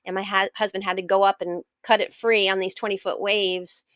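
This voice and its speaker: An American woman, middle-aged, a guest author and sailor telling her story in a casual interview, animated and acting out what others said. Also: medium pitch, a little fast, no room sound. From United States. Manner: animated, acts out quoted dialogue.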